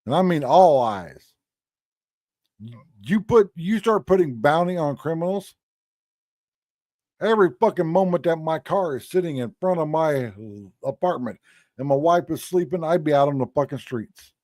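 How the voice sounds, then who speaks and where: A man's voice: fairly high pitch, animated, moderate pace, dark tone, no echo, studio quality. A man ranting on a live stream in a crude, blunt and angry way. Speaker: streamer commenting on clips. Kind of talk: profane live-stream rant.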